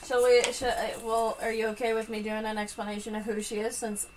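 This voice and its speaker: A woman player in a tabletop game, explaining slowly and hesitantly. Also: a little high, little pitch movement, a little mellow, a little hiss or hum, rough recording. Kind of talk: casual tabletop chat.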